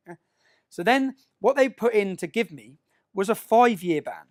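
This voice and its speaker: A man giving an emphatic speech to an audience, often checking in with a quick "yeah?". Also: high voice. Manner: emphatic, keeps asking "yeah?" to the crowd. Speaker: public speaker.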